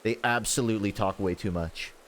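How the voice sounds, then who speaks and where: A man's voice: lowish voice, brisk, slight background noise. Rambling, profane male streamer. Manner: rambling, profane storytelling with laughs. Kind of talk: casual livestream chat while gaming.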